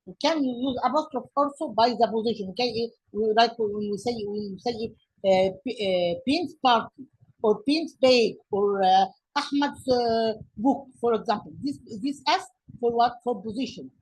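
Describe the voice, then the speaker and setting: Egyptian accented lady teacher, kinda high husky voice, stops and restarts a lot. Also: darkish tone, poor audio. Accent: Egyptian Arabic. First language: Arabic. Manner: halting, many fillers and restarts. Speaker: English teacher. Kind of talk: classroom grammar lesson.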